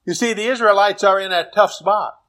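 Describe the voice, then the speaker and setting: A high-pitched American man delivering a sermon. He presses his points with emphatic, rising questions. When he reads scripture, his voice falls low and soft. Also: brisk. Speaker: preacher.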